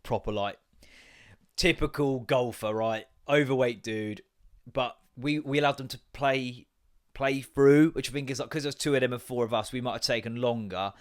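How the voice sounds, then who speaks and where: A man's voice: medium pitch, fairly even intonation, normal speed. A man in his thirties hosting a podcast, telling rambling, sweary comedic stories in casual chat. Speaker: podcast host.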